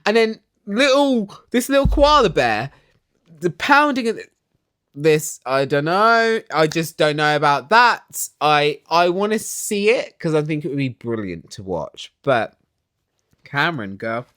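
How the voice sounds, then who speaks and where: Lively gossipy speaker ranting about TV. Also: medium pitch, a little slow, no echo, studio quality. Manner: animated, gossipy, exaggerated. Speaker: reality TV recap vlogger. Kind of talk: casual gossipy rant.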